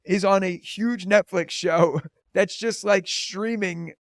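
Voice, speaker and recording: Chatty high-voiced man telling stories. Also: takes it slowly, dry recording, clean studio sound. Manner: chatty storyteller, lots of "like" fillers. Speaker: podcast guest, teacher and comedian. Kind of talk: casual interview chat.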